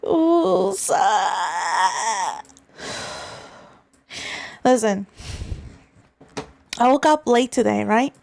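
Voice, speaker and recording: A woman's voice: medium pitch, expressive, extremely slow, gravelly, long pauses, darkish tone. A young woman streamer chatting casually and ranting in frustration, swearing and stammering through restarts at a desk mic. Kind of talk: casual livestream chat.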